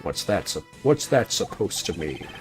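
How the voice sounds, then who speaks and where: A man reading an evasive middle-aged businessman from a mystery game, a haughty father who answers in a pompous, defensive tone. The voice is lowish, and faint music plays behind it. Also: big pitch swings, moderate pace.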